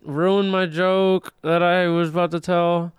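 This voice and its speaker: A man with a very smooth, clear and fairly high voice, talking earnestly and running himself down. The sound is dry and close, with almost no room in it. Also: level tone, measured pace, dry recording. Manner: earnest and self-deprecating. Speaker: podcast co-host, new stand-up comic. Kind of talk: casual chat.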